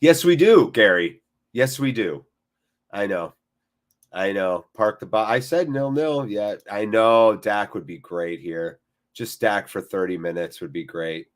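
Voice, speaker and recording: A man's voice: on the low side, unhurried. A man hosting a live football watchalong, chatting casually and jokingly with viewers, swearing freely and breaking off to react to the match. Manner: jokey and off-the-cuff, swears freely; reacts to the match between chat replies. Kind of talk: casual live-stream chat, reading viewer comments.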